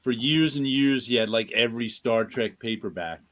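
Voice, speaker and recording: A man's voice: medium pitch, normal speed, fairly bright tone. A man co-hosting a casual chat, laid-back, giving short replies and laughing easily. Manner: laid-back, chuckles often, brief replies. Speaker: co-host.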